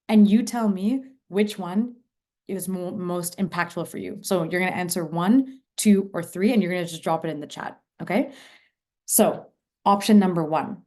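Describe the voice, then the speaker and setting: A woman's voice: on the low side, a little mellow. A woman presenting an online mentorship workshop over a video call, talking with enthusiasm and emphasis.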